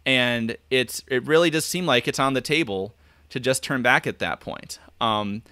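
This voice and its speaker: A man's voice: mid-range voice, moderate pace, pushed and bright, clear, resonant tone, no echo. A man speaking as a podcast guest over a video call, thinking aloud and acting out quoted lines. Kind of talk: casual video call chat.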